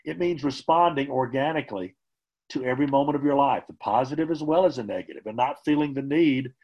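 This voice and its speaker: A man giving a conversational motivational training talk as a sales trainer, often softening his points with casual asides. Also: medium pitch, fairly quick, breathy edge, lo-fi sound. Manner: conversational, hedging with "kind of" and "you know".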